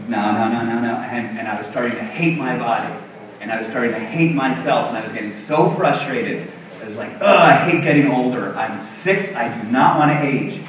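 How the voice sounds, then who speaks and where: A man's voice: medium pitch, slight background noise. Earnest middle-aged man in echoey hall. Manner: earnest, self-deprecating, acts out quotes. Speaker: health coach speaker. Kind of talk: motivational stage talk. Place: large expo hall stage. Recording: very echoey hall, distant mic.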